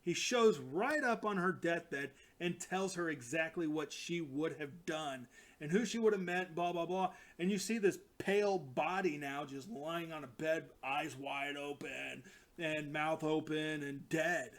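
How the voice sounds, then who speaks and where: Animated man recapping comics. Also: on the high side, unhurried. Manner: rambling, animated, acts out quotes in character voices. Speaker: comic book reviewer. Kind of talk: casual solo recap.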